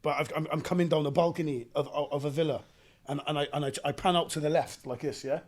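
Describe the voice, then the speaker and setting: A young adult Welsh man, an actor telling animated stories in a casual interview and acting out gunfire with sound effects. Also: fairly high pitch, quick pace. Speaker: actor guest.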